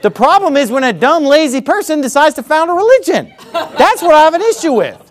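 A male pastor preaching with a high, lively voice that leaps up and down in pitch. He delivers the sermon animatedly, mixing scripture with mocking jabs and laughter. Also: a little fast.

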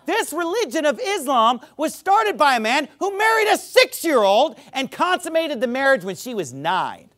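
A man delivers a heated sermon from the pulpit in a high voice. His pitch leaps and plunges as he drives his points home, and he often rises to a shout. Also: sing-song, normal speed, few pauses. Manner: impassioned, rising to shouts; says he is worked up. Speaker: pastor. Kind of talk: fiery sermon.

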